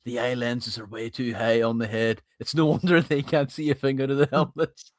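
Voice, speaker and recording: A man's voice: medium pitch, little pitch movement, moderate pace. A man co-hosting a casual livestream, joking bluntly and laughing often. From United Kingdom.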